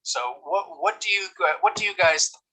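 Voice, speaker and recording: Bright-voiced guy teaching vocab online, reacting to the chat. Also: high-pitched, lively intonation, normal speed, low-quality recording. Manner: chatty, reads the chat, laughs easily. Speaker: English teacher.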